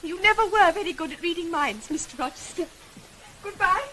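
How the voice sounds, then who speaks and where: An earnest young governess. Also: female voice, very high-pitched, lively intonation, brisk, sharp tone, full character voice, poor audio. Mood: tender. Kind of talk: 1950s television drama acting.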